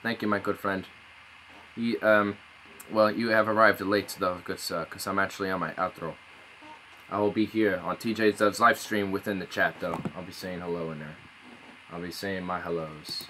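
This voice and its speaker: A man's voice: deep voice, fairly even intonation, normal speed, bright, forceful tone, a little hiss or hum, rough recording. A young man chatting casually to his live-stream audience through a phone mic, rambling, swearing loosely and repeating words as he restarts.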